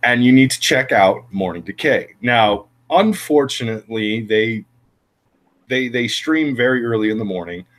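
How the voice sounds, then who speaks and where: A man co-hosting a podcast, talking in a rambling, halting way in casual chat. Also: medium pitch, fairly bright tone. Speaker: podcast co-host.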